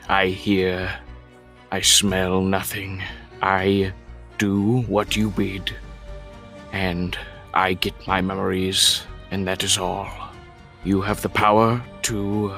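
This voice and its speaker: Dude playing a low flat undead servant, slow and grave, bit of music behind. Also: male voice, exaggerated voice. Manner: grave, measured and emotionless. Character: undead male servant warrior, flat and obedient.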